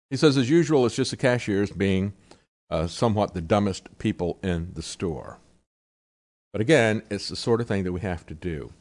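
A man's voice: low-pitched, lively intonation, measured pace, pauses often. A man hosting a political talk show, delivering sarcastic commentary and mocking the people he quotes.

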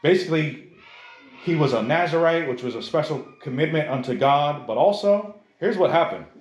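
A man preaching a sermon to a congregation in a conversational, animated way, often calling the listeners "guys". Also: a little high, normal speed, reverberant, slight background noise. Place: church service.

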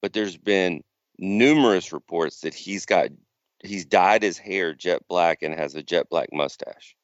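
A man's voice: deep voice, unhurried, no room sound, highs cut off. A man co-hosting a podcast, casually rambling through a story. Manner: rambling storyteller, acts out quotes. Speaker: podcast co-host. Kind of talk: casual chat.

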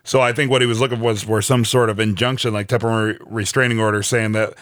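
A man's voice: lowish voice, steady tone, quick pace, a bit bright, no echo, studio quality. A man co-hosting a podcast, recapping a TV episode in loose, profane casual chat full of fillers. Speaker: podcast co-host.

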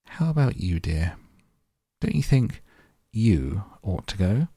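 A man's voice: deep voice, big pitch swings, slow pace, mellow, husky, dry recording, studio quality, exaggerated voice. A man voicing a middle-aged mother, fussy yet kind, in a raised, fluttering voice. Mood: coaxing.

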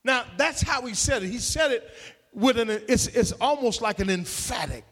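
A man's voice: very high-pitched, animated, normal speed, a bit bright. A man preaching a sermon in an emphatic, call-and-response way, with folksy slang.

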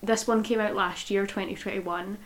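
A woman co-hosting a book podcast, chatting in a relaxed, wry way with dry jokes. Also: mid-range voice, moderate pace. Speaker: podcast co-host. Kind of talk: casual chat.

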